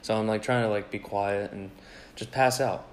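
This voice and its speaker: A young man with a lowish voice tells a crude story at a moderate pace, swearing and laughing as he goes. It's a casual chat with a little hiss or hum in the background, and he's a profane, animated storyteller.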